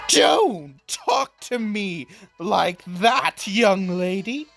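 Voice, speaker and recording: A regal queen mother, put on by a man reading a video game aloud, scolds in a high, haughty voice. Her words come slowly but swing widely in pitch, full of indignation. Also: expressive, gravelly, fairly bright tone, soft background music, heavily acted. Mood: stern scolding.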